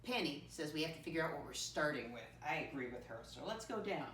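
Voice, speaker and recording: A female teacher leads a patient first-grade math lesson in call-and-response style, slowly spelling out words letter by letter and continually addressing the kids as "my friends." Her voice is deep with a fairly bright tone, recorded far from the mic in an echoey room with slight background noise.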